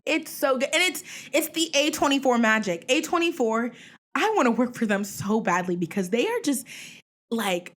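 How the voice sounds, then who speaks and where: A young woman hosting her own show, giving opinionated, animated commentary full of slang and asides while filming alone at home. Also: on the high side. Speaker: podcast host. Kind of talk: casual solo commentary.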